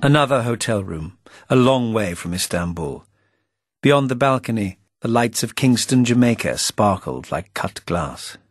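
Husky, wry man reading a thriller aloud. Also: fairly low pitch, animated, a little slow, dry recording, faint music behind. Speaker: author reading his novel. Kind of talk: audiobook narration.

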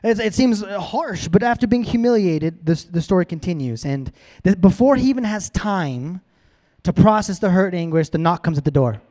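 A man preaching a sermon, retelling a story in a casual, animated way. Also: high-pitched, moderate pace. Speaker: pastor.

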